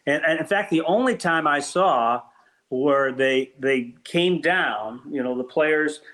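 An older man, a former team PR executive appearing as an interview guest, slowly recalls old times through anecdotes. His voice sits a little high for a man, and he's an animated storyteller who often restarts his sentences. The recording is low quality.

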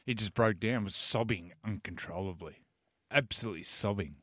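A man's voice: fairly low pitch, moderate pace, a bit bright, no room sound. A man on a radio show, casually reminiscing and telling stories.

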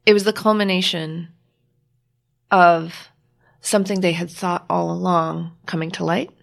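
A married woman, a guest author, telling a personal story in a reflective, halting way, often restarting and quoting what others said. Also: on the low side, flat delivery, gravelly. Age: adult, married with a child.

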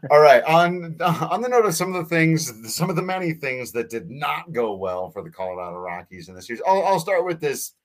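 A man's voice: a little high, very animated, a little fast, few pauses. A man co-hosting a casual baseball podcast, chatty and often laughing. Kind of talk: casual sports chat.

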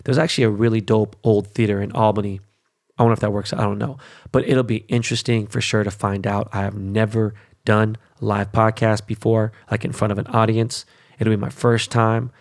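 Man, podcast host, forties, from Los Angeles, raspy fry in the voice, blunt, swears a lot, casual rant. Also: on the low side, flat delivery, a little fast. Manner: blunt, heavy swearing, keeps asking "okay?".

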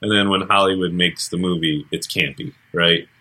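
A man's voice: low-pitched, steady tone, normal speed, pushed and bright. A man co-hosting a podcast in casual chat, rambling and joking with lots of fillers. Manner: rambling, jokey, many fillers. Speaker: podcast co-host.

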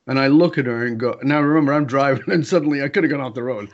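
Animated male storyteller, lo-fi sound. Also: quick pace, few pauses. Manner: animated storyteller, acts out quotes with big pitch jumps. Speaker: interview guest. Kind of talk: storytelling in a conversation.

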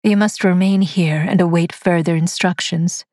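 A woman's voice: fairly low pitch, steady tone, dry recording, clean studio sound, close to an everyday voice. A woman voicing a weary android heroine. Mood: firm. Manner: quiet, measured and tired. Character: weary female android, soft-spoken and resolute. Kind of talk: audio drama reading.

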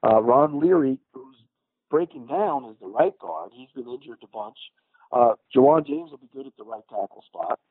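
A man reports on football over a thin, phone-like line with a dry, close sound. He gives his analysis in a matter-of-fact way and states his verdicts with confidence. His pitch sits in the middle for a man. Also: lively intonation, normal speed, husky, no echo. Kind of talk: sports analysis on a podcast. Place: at a team practice facility.

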